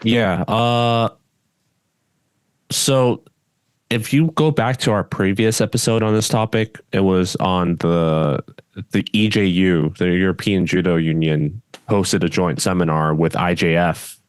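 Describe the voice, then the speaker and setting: A man's voice: sits low, fairly even intonation, measured pace, smooth, no room sound. A man co-hosting a podcast, chatting casually and bluntly, often trailing off and restarting his sentences. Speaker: podcast co-host.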